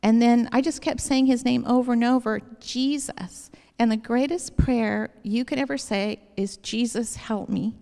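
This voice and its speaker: A woman's voice: fairly high pitch, steady tone, moderate pace, creaky, hardly any pauses, dark tone. A woman giving a personal faith testimony to an audience, telling her story in an earnest, rambling way in a large hall. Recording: long hall reverb.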